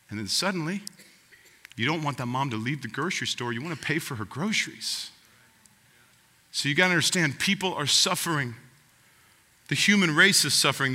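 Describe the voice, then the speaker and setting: Bright, sharp-voiced preaching man. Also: on the high side, in a large hall. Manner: earnest, direct address to the congregation. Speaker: pastor. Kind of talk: sermon.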